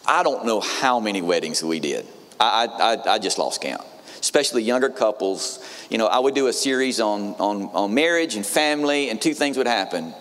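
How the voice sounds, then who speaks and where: A man's voice: fairly low pitch, moderate pace. Storytelling male pastor in a reverberant hall. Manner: storytelling, frequent restarts, animated when quoting others. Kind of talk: sermon. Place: church sanctuary. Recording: long reverb of a large hall.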